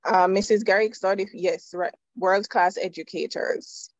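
Woman, nursing lecturer; measured, firm delivery; dry, muffled lo-fi sound. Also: medium pitch, fairly even intonation, no echo. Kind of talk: presentation to students.

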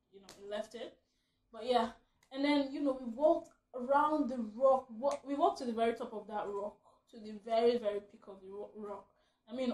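A woman's voice: fairly high pitch, darkish tone, roomy sound. A young adult woman vlogger telling a story in a casual, chatty way, breaking into laughter often.

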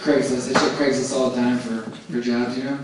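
A young man doing a crude stand-up comedy set in a club, brash and quick to slip into impressions. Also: medium pitch, flat delivery, over a noisy crowd. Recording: echoey club, distant mic, loud noise.

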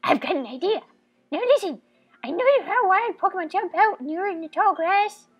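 A woman voicing a hyper, pushy young boy rival in a game commentary, talking excitedly and bossily. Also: very high-pitched, muffled recording. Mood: eager, bossy. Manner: excited, bossy and fast-talking. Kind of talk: let's play voice acting.

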